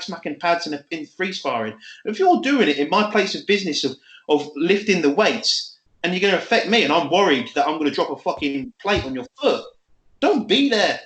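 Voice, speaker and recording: A man's voice: high voice, fairly bright tone. A man on a casual podcast, ranting about gym annoyances with lots of swearing and acted-out voices. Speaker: podcast co-host. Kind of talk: casual chat. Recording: roomy echo.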